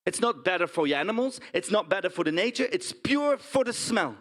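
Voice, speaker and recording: In a theatrical monologue on stage, a male actor with a Dutch accent plays a blunt, indignant pig farmer, telling his story animatedly and tagging lines with "huh?" and "right?". His voice is high and a little fast.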